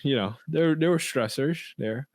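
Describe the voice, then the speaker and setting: A man's voice: medium pitch, measured pace, a little mellow, no room sound. A man co-hosting a podcast, talking in a reflective, casual way, laughing often and restarting his sentences. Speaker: podcast co-host.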